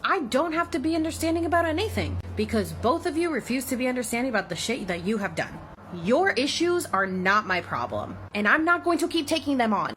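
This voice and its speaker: Husky-voiced angry woman in her thirties. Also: a little high, a bit bright. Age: 30s. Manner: angry, emphatic, swears heavily. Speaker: vlogger. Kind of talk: heated personal story rant.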